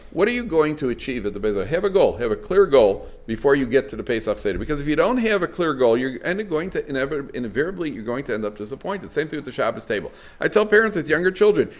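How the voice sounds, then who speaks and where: A man speaking as a rabbi, giving a lecture to a live audience, telling stories with humor and acting out the voices he quotes. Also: mid-range voice. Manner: storytelling, animated, acts out quoted voices; warm, joking with listeners. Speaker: rabbi giving a parenting talk.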